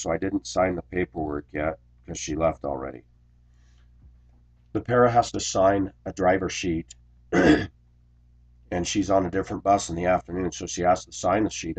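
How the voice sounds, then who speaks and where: A man who drives a school bus, telling a workplace grievance story in an indignant, complaining way, clearing his throat often. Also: low-pitched, darkish tone. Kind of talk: ranting personal storytelling vlog.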